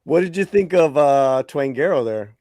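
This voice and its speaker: A man's voice: a little high, lively intonation, normal speed, darkish tone, no echo, studio quality. A man hosting a casual talk show, chatting enthusiastically and loosely. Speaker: podcast host.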